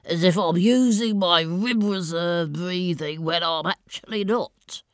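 A woman's voice: fairly low pitch, dry recording, studio quality, lightly acted. A woman putting on the voice of a portly, pompous older man, with a wet mouth, a lisp and audible breathing as she pontificates. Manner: pontificating, slow and thick-throated. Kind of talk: demonstrating a character voice.

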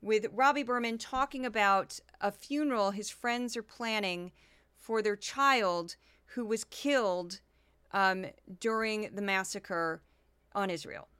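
A woman hosting her podcast in earnest, animated commentary on the news. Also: mid-range voice, takes it slowly, smooth, no echo. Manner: earnest, animated, talks with emphasis. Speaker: podcast host. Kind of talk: casual commentary.

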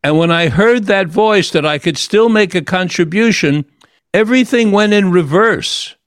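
A man's voice: high voice, normal speed, no room sound, clean studio sound. An older man hosting an interview and telling a personal story in an earnest, reflective way, often restarting his sentences. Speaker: host.

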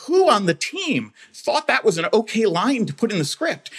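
A man's voice: sits high, very animated, normal speed, fairly bright tone, slightly rough. A man on a film podcast panel, critiquing a movie in an emphatic, exasperated way. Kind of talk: casual panel discussion.

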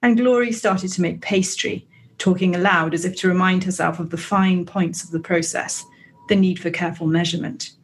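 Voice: mid-range voice, steady tone, normal speed, a little hiss or hum. A person reading a literary passage aloud in a book discussion, doing American voices for the characters. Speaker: book club member.

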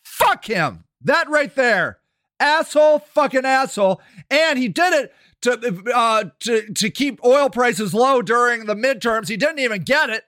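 A man's voice: very high-pitched, lively intonation, normal speed, sharp tone, no room sound, studio quality. A man ranting angrily about politics on a livestream, swearing constantly. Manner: angry, profane ranting. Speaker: political commentator. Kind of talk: livestreamed rant.

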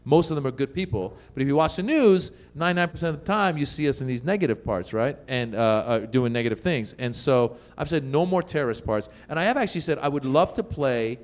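A man's voice: medium pitch, animated, fast, hardly any pauses. A middle-aged man from the United States, a comedian guesting on an interview show, telling stories animatedly, laughing often and acting out voices.

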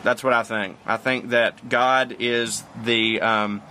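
A man's voice: mid-range voice, little pitch movement, takes it slowly, sharp tone, a little hiss or hum. A man, chatting casually and profanely as he answers fan questions on his porch. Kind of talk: casual Q&A monologue. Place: outdoors on a porch.

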